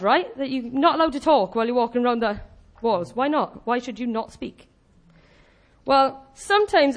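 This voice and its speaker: A woman with a high, bright voice delivers a sermon in a lively, conversational way. She laughs often and slips into little acted voices for the people in her stories. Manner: animated, chatty, laughs often and acts out quoted voices. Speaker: preacher.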